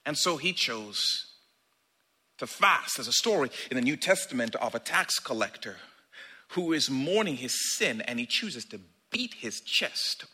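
A man preaching a sermon in a conversational, animated way, acting out little asides. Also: mid-range voice, unhurried, slightly rough.

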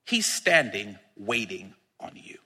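A man preaching a sermon as pastor, excitable and laughing, with drawn-out emphasis. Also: fairly low pitch, husky, in a large hall.

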